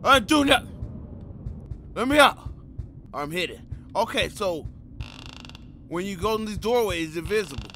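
A man giving loud, excitable commentary while playing a horror game, full of slang and yelling at jump scares. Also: high voice, moderate pace, long pauses, a little hiss or hum. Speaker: gamer.

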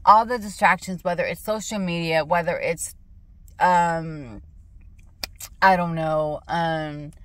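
A woman's voice: on the low side, slow pace, slight background noise. A woman running a Christian ministry, talking casually and emphatically about faith in a vlog from her parked car. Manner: animated, emphatic retelling.

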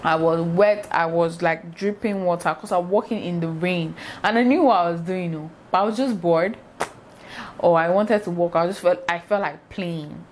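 A young woman, telling a casual storytime vlog in an animated way and acting out sounds. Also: on the low side, moderate pace, a little hiss or hum. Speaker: vlogger.

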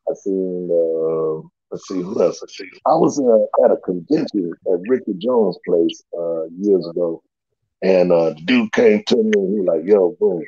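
A man telling stories in casual slangy talk, animated and loose, often laughing. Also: a little slow, dry recording, highs cut off, soft background music. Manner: animated, loose slangy storytelling with big pitch jumps and laughs. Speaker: guest storyteller. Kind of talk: casual storytelling.

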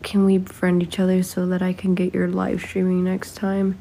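A woman's voice: fairly low pitch, monotone, normal speed, creaky, mellow. A woman around twenty chatting casually on a live stream from home, reading viewer comments aloud into a phone held at arm's length. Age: 20s. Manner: chatty, reads viewer comments aloud, sings snatches of a song. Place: home indoors.

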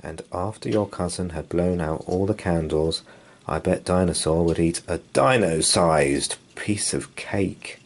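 Deep-voiced man reading a bedtime story. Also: a little slow, slight background noise. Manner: gentle, expressive reading. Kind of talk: bedtime story read-aloud.

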